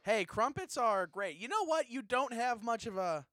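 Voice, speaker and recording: A man's voice: very high-pitched, lively intonation, normal speed, sharp tone, a little hiss or hum. A man co-hosting a comedy podcast, joking in a goofy mock-salesman delivery. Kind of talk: improvised comedy chat.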